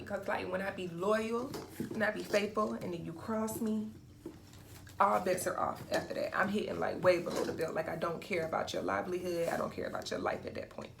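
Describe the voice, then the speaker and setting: A woman's voice: medium pitch, fairly even intonation, normal speed, gravelly, slight background noise. A young woman vlogger telling a casual storytime, acting out quotes and laughing often.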